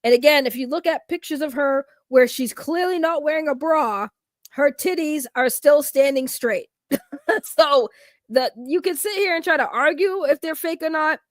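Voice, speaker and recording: Loud lady streamer, high voice, super dry close sound, laughing and yelling at chat. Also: normal speed, no echo. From Boston, Massachusetts. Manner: loud, excitable, laughs often, talks back to chat. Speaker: streamer reacting to videos. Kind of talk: casual reaction stream chat.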